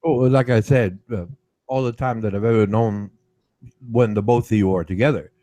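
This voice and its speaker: Male host, warm low voice, calm and noncommittal. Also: moderate pace, dry recording. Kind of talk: casual chat.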